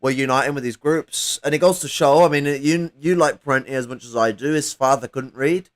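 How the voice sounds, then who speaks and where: A man talking through a casual political stream in a profane, rambling way, swearing freely and filling pauses with ums and uhs. His voice sits at an ordinary middle pitch. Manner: profane, rambling, full of fillers. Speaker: livestream co-host.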